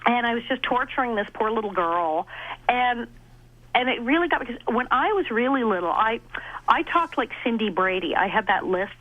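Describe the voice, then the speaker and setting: A middle-aged woman, an actress and comedian, telling stories in an interview, animated and laughing as she acts out quoted lines. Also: on the high side, moderate pace. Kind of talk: casual interview storytelling. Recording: dull lo-fi audio.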